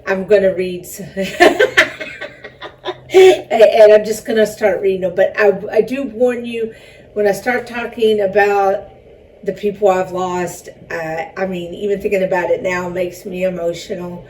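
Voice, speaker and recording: In a casual interview, this woman talks about her film and her one-woman show, rambling chattily with self-conscious laughter. Her mid-range voice is steady and mellow at a moderate pace, captured by a distant mic with faint background noise.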